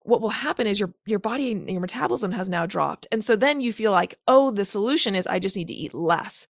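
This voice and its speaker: A woman's voice: medium pitch, expressive, brisk, gravelly, no room sound, clean studio sound. A woman coach in her thirties, a guest on a podcast interview, explaining things step by step with examples and analogies. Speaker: guest, macro-counting coach.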